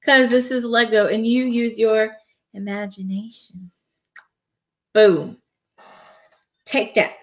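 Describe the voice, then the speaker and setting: A woman's voice: a little high, level tone, takes it slowly, pauses often. Chatty, playful woman streaming at home. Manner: chatty and playful, laughs between remarks. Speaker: live streamer. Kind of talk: casual live-stream chat while building a toy set. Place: home, indoors.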